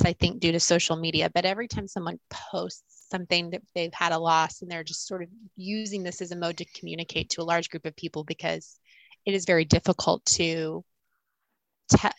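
Thoughtful woman with a lower voice. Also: a bit bright, no room sound. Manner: thoughtful, halting, many restarts and fillers. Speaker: podcast co-host. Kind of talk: reflective podcast conversation.

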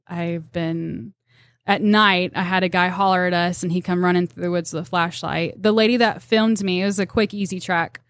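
Gal rambling thru tracking stories, laughs a lot, acts out the quotes, dry mic. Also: female voice, lowish voice, steady tone, moderate pace, no room sound. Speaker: deer tracker, podcast guest. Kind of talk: casual storytelling chat.

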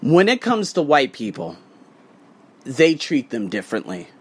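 Guy on a profane rant to his viewers, voice leaping up and dropping way down, loud bursts then low mutters. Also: huge pitch swings, a little slow, slightly rough. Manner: heated, profane, swinging between loud outbursts and low muttered asides. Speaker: English teacher and podcaster. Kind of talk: casual ranting monologue to viewers.

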